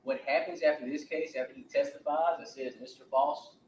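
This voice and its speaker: A man's voice: medium pitch, fairly even intonation, brisk, darkish tone, a little hiss or hum. A man, a defense attorney, giving an opening statement to a jury and retelling events with repeated, restarted words. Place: courtroom. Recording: roomy courtroom audio from a distance.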